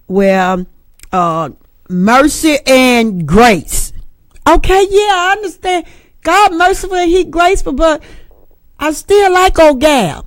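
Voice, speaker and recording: A woman's voice: high voice, expressive, takes it slowly, no room sound. A middle-aged woman, preaching an informal sermon with folksy jokes and asides to the congregation.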